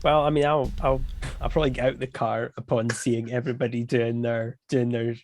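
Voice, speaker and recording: A man's voice: medium pitch, flat delivery, fairly quick, a little mellow. A man playing a tabletop game, chatty and self-mocking. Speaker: player. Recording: noisy recording.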